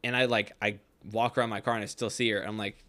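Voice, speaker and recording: A man's voice: on the low side, flat delivery, quick pace, sharp tone. A young man co-hosting a podcast, telling a long, rambling story in casual chat, filled with "like" and frequent swearing. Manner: rambling anecdote, heavy use of "like", frequent swearing. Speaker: podcast co-host.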